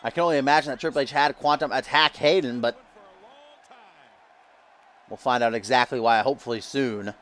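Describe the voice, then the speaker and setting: A man's voice: mid-range voice, fairly even intonation, fairly quick, long pauses, a bit bright. A man streaming a game, giving hyped-up, loose wrestling-show commentary full of casual asides. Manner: upbeat hype, loose and casual with frequent "uh".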